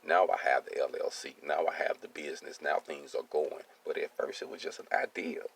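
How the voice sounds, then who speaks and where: Very deep, gravelly-voiced man. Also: brisk. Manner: streetwise, keeps asking "you see what I'm saying". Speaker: welding business owner. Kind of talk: casual personal monologue.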